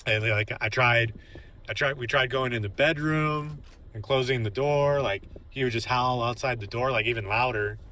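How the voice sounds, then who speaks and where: Rambling young man, steady mid pitch. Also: normal speed. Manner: rambling, heavy filler words, laughs to himself. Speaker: gaming channel host. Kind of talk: casual storytelling over gameplay.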